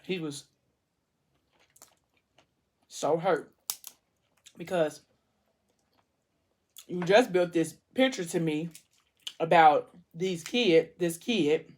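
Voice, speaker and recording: A woman's voice: lowish voice, very slow, long pauses, a little mellow. A woman vlogger chatting casually, telling a story while she eats between phrases. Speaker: mukbang vlogger. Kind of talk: casual chat.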